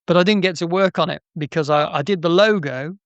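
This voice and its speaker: A man's voice: on the high side, brisk, no room sound, dull audio. A middle-aged man, an interview guest, telling anecdotes in a chatty way with frequent restarts and laughs. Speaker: interview guest, game artist. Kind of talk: casual interview storytelling.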